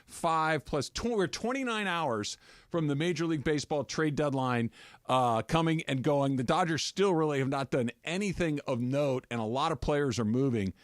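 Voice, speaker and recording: A man's voice: a little high, moderate pace, dry recording, clean studio sound. A man hosting a sports radio show, telling casual stories with lots of laughter. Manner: animated, laughs often, tells stories.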